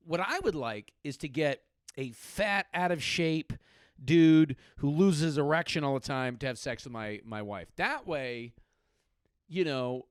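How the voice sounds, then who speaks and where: Animated, crude late-30s male comedian. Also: on the high side, no echo, studio quality. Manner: crude, rambling storytelling with sudden outbursts. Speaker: comedian podcast host. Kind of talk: comedic podcast monologue.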